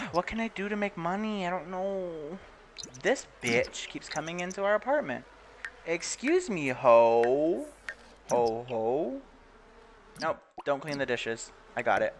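A young man riffs over a life-simulation game in casual commentary, swearing freely and laughing at his own jokes. His voice is bright and swings widely in pitch, sitting a little higher than most men's. A faint noise hums behind him. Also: very animated, normal speed. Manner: profane, laughing, teasing, mock voices. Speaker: gaming video creator.

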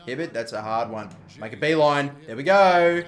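A man hosting a gaming video, giving excitable live commentary while he plays and swearing often at the game. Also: mid-range voice, moderate pace.

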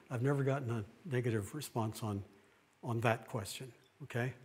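A middle-aged man, a pastor, giving a plain-spoken sermon-style talk, earnest, with pauses and restarts. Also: medium pitch, a little mellow, breathy edge.

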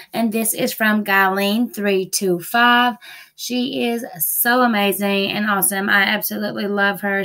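Her voice sits mid-range with a slight brightness as she chats through a nail-product haul vlog. Recorded at a bustling home with TVs and dogs, she gushes, repeats herself and leans on casual fillers.

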